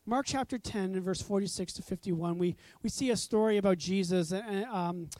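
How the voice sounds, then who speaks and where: A woman's voice: medium pitch, moderate pace, darkish tone, dry recording. A woman preaching a conversational sermon, telling stories with animation and acting out voices. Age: adult parent.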